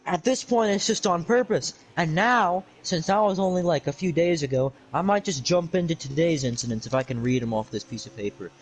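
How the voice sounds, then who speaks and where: High-voiced young dude ranting on stream, sarcastic, rambly. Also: male voice, a little fast, hardly any pauses, a little hiss or hum, low-quality recording. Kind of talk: ranting storytime on a livestream.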